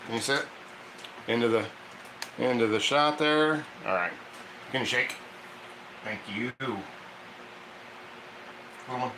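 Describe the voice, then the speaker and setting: A man's voice: mid-range voice, slow, long pauses, reverberant, noisy background. A man hosting a casual cooking stream, chatty and laughing often as he coaxes his dog through tricks. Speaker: cooking channel host. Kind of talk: casual live cooking chat.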